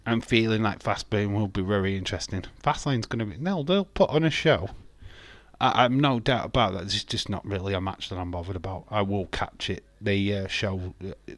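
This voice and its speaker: A man from Yorkshire, England hosts a livestream watch-along, talking fairly quickly in a low voice with no echo. Chatty and opinionated, he laughs often and flits between topics in casual live reaction.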